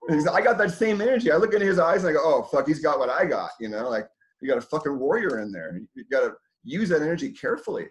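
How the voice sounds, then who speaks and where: A man's voice: on the high side, rough recording. A man hosting a community dinner talk, rambling loosely to a small group indoors with lots of fillers and casual swearing.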